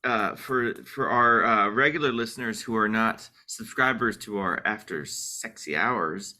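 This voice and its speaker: Bright-voiced joking male podcast host. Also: lowish voice, unhurried. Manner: rambling, filler-heavy, joking. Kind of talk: casual chat.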